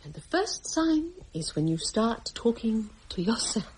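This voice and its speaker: A woman's voice: a little high, big pitch swings, unhurried, darkish tone, a little hiss or hum. An actress playing a nervous young mother alone at night, with a British accent, muttering to herself in a radio drama. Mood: jittery muttering. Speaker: radio play lead.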